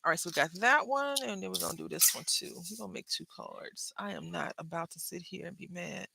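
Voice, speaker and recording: A bright, forceful-sounding woman talks casually to her viewers while she crafts. She drifts from the project into stories and addresses the audience directly. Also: fairly low pitch, fairly quick, gravelly, a little hiss or hum, rough recording. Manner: chatty storyteller, drifts between crafting and anecdotes. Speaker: craft vlogger.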